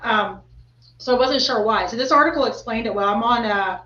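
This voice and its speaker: A woman's voice: a little high, fairly quick, bright, forceful tone, slight background noise. A woman hosting a podcast in casual chat, talking in a rambling, chatty way full of fillers. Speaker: podcast host. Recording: roomy, slightly dull recording.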